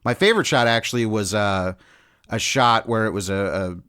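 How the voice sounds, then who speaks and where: A man's voice: lowish voice, moderate pace, pushed and bright, clear, resonant tone. A man co-hosting a podcast, talking loosely in a casual film discussion, with lots of "um" and restarts. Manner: loose and chatty, many fillers and restarts. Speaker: podcast co-host.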